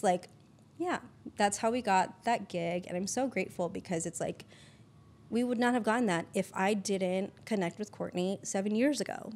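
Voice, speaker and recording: Speaking in a mid-range voice with a slightly mellow tone, a female producer guests on a podcast for a relaxed interview chat. She leans on "like" a lot and lets a swear slip now and then.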